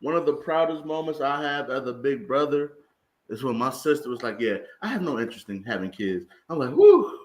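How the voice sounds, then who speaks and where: A man's voice: mid-range voice, brisk, reverberant. A man in casual podcast chat, wry and laughing along.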